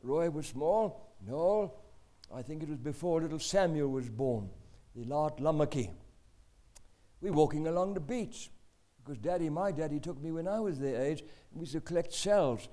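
An older man with a South African accent, telling a family story in a lively, animated way with asides. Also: fairly high pitch, normal speed. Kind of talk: personal anecdote.

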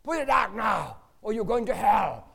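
A man voicing a shrieking small boy who scolds a smoker with a shrill, piercing voice. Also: lively intonation, a little slow, warm tone, slightly rough.

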